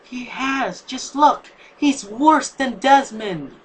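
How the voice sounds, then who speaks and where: A reader voicing Ali, a defiant young female plant in a fan story, loud and urgent. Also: high-pitched, slow pace, slight background noise, voice pushed up. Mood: pleading.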